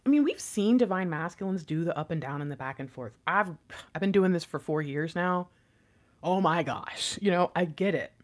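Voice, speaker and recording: A woman's voice: on the low side, lively intonation, normal speed. A woman giving a casual tarot reading to camera, chatty and rambling, giggling often and swearing casually. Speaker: tarot reader.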